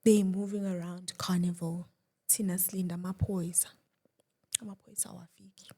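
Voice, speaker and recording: A young woman, a guest, telling a personal story with emotion, dropping to a hush at times and restarting her words. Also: lowish voice, flat delivery, normal speed, slightly rough. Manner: shifts between loud and hushed, restarts.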